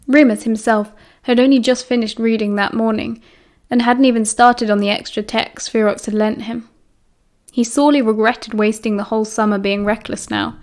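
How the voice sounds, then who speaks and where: A woman's voice: a little high, a little mellow. British woman reading an audiobook aloud. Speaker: audiobook narrator. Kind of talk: audiobook narration.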